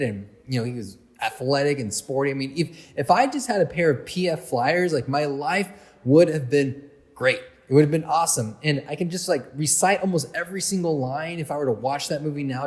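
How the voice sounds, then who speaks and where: A man preaching to a youth group, his voice sitting a little high. He talks in a loose, chatty storytelling way with plenty of fillers. A long reverb trails each phrase, as in a church hall. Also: a little mellow. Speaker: youth pastor.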